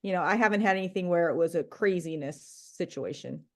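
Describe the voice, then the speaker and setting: A woman's voice: fairly low pitch, a little fast. A woman umpire being interviewed, answering in a brief, matter-of-fact way. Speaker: umpire guest. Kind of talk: casual interview talk.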